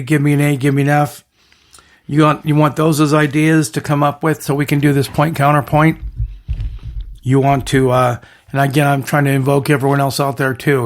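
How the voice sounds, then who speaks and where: A man hosting his own podcast, rambling through an energetic monologue full of catchphrase lists and restarts. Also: medium pitch. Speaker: podcast host.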